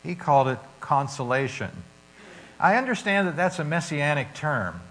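A man preaching, reading a story and scripture with dramatic shifts in loudness. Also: on the high side, poor audio. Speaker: pastor.

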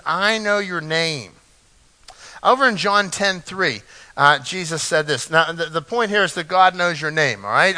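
Male pastor, earnest conversational sermon, slightly high and bright, reverberant church hall. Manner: earnest, repeats key phrases, light asides.

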